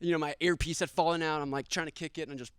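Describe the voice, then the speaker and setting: A young man telling a personal story live, animated, laughing often and acting out quoted lines loudly. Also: on the high side, fast talker, smooth, dry recording, studio quality.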